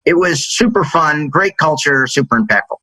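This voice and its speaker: A man's voice: normal speed, dry recording, rough recording. A middle-aged man telling stories as a sales executive guest in an interview, acting out dialogue in a raised voice. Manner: animated, acts out quoted dialogue in a higher voice. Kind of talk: storytelling interview answer.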